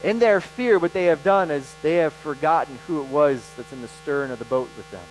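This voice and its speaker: Animated male preacher, faint mains hum. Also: a little high, poor audio. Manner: animated, emphatic preaching with dramatic pauses. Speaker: pastor. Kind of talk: sermon.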